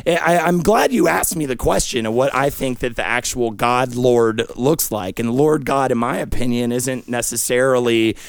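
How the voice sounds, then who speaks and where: A young man delivering a rambling, profane comedic monologue with sudden yelled outbursts, recorded close on a studio mic. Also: mid-range voice, normal speed, vocal fry, few pauses, no room sound. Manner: absurd, profane stream of consciousness with sudden yelling. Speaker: podcast host.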